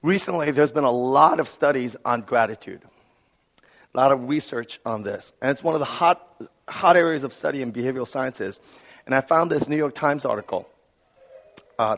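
A man in his thirties preaching a sermon, telling family stories and acting out the voices in them. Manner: storytelling, acts out quoted voices with big pitch jumps. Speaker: pastor.

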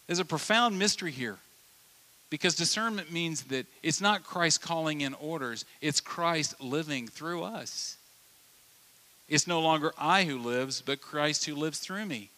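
A man preaching a sermon in a lively, conversational way, acting out the voices of the people in his stories. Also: a little high, a little slow. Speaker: pastor.

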